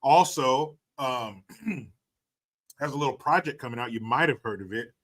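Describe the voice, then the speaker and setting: Hosting a livestream, a man reads viewer messages aloud and banters in a laid-back, joking, profane way. His mid-range voice is a bit bright and keeps a normal speed throughout this casual chat.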